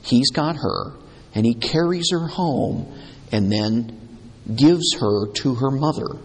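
A man preaching a sermon, deliberate and emphatic, repeating key words for weight. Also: medium pitch, slightly rough. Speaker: pastor. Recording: long hall reverb.

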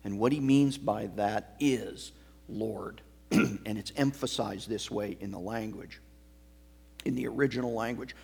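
A man preaching an expository sermon as pastor, explaining a passage line by line in a measured teaching manner. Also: on the low side, creaky, darkish tone, slightly rough.

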